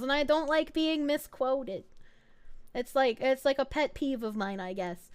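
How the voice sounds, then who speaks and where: A young adult woman VTuber streamer giving crude, excitable reaction commentary and laughing often. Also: high-pitched, a little slow, long pauses, smooth.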